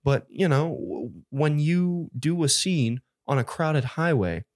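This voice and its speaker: A man co-hosting a casual podcast, excitable and rambling, laughing often and restarting his sentences. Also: on the high side, slow, no room sound, clean studio sound. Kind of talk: casual chat.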